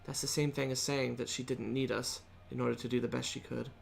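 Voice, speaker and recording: A woman streamer reading a visual novel's narration aloud in a subdued, measured way. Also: extremely low pitch, flat delivery, creaky, slight background noise.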